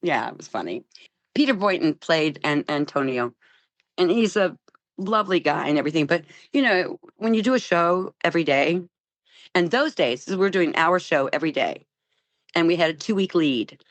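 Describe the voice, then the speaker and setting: Older actress guest, low-pitched and dry-miked, animated anecdotes full of laughs. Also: female voice, normal speed, no room sound. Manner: animated, laughs often, restarts. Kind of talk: storytelling interview.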